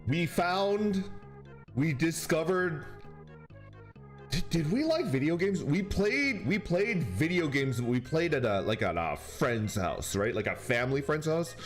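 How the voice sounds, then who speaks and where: A man's voice: fairly high pitch, sing-song, a little slow. A man streaming and chatting casually with viewers, telling a rambling story and laughing often. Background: faint background music.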